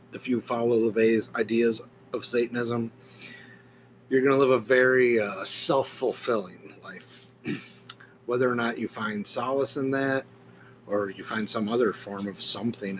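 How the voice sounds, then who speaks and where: A man's voice: on the low side, slight background noise. A man hosting a solo podcast, reading passages aloud and commenting on them in a casual, blunt way that includes swearing. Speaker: podcast host.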